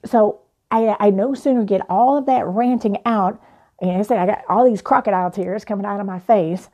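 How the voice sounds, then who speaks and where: A young adult woman, a life coach, telling a personal story in an animated, playful way. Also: medium pitch, moderate pace, muffled recording.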